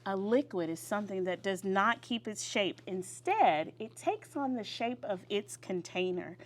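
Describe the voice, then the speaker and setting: A woman teacher leading young children through a vocabulary lesson in a classroom, with call-and-response and drawn-out words. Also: mid-range voice, lively intonation.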